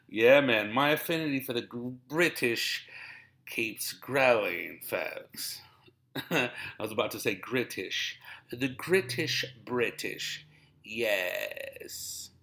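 A man's voice: fairly low pitch, slow pace, vocal fry, sharp tone. A man hosting a podcast, a stand-up comedian rambling in a laid-back way with lots of laughs. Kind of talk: casual podcast monologue.

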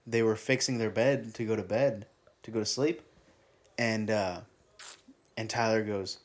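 A young man in casual chat as podcast co-host, an animated storyteller who is easily amused. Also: lowish voice, unhurried, long pauses.

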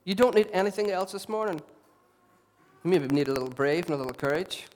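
A man, a lead pastor preaching a sermon with impassioned, repetitive emphasis and quieter asides. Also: high voice, animated, fairly quick. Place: church hall.

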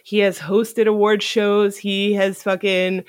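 Podcast host ranting through a story, lots of swearing and laughing, mid-pitched, dry close sound. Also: slow pace, no room sound. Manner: animated, profane storytelling with frequent laughs. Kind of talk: casual chat.

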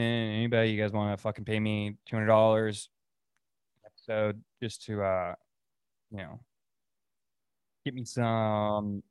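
A man's voice: lowish voice, clean tone, dry recording, studio quality. A young man from Oregon hosting a solo podcast, ranting in a profane, rambling way and laughing at his own stories. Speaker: podcast host. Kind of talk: casual solo rant.

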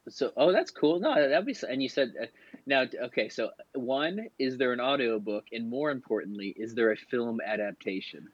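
A man's voice: mid-range voice, animated, slightly rough, dry recording. Podcast guy cracking jokes, mid voice, kinda dull muffled sound, dry. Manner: jokey, quick to interject. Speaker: podcast co-host. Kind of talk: casual chat.

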